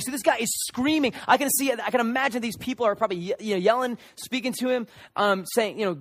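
A man's voice: sits high, lively intonation, fast, few pauses, fairly bright tone, no echo. A young man preaching a sermon with passion, acting out the voices of people in the story.

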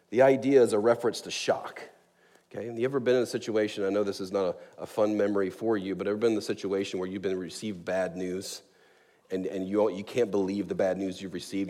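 Male pastor, sermon, low mellow voice, earnest emphatic delivery, long hall reverb. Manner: earnest, emphatic preaching, slowing on key words.

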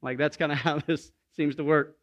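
A man preaching a sermon as pastor, emphatic, slowing down to stress key words, with playful asides and calls for the congregation to repeat after him. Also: fairly high pitch, fairly even intonation, lo-fi sound.

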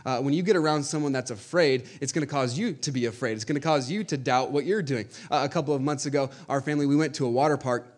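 A man's voice: mid-range voice, quick pace, few pauses. A man in his thirties, a pastor, preaching a conversational sermon with frequent fillers and restarts and reading scripture aloud.

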